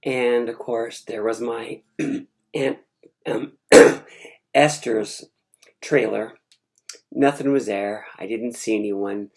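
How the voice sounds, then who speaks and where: Very low-voiced woman telling a rambling story. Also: takes it slowly, long pauses. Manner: animated, rambling, digressive. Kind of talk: casual storytelling.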